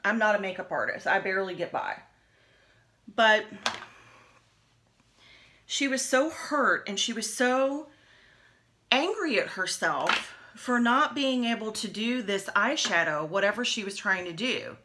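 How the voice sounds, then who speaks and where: Bright-voiced chatty woman in her forties. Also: mid-range voice, expressive, a little slow, pauses often, slight background noise. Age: 40s. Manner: chatty, rambling, many fillers and restarts. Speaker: beauty vlogger. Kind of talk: casual rambling chat while doing makeup. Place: home, at a lit makeup mirror.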